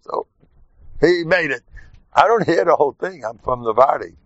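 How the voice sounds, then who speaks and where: A man giving an informal, joking Torah talk to his class, lively and animated. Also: fairly high pitch, moderate pace, no room sound. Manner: animated, jokey, mixes Yiddish and Hebrew terms. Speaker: rabbi teaching a class. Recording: dull dry lo-fi sound.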